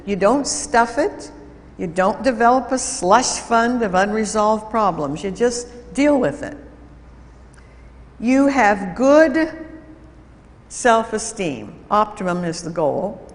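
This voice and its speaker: A woman giving an instructive talk at a church, measured and deliberate, illustrating points with stories. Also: medium pitch, big-room sound. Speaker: speaker at a church program. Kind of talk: lecture-style talk with anecdotes.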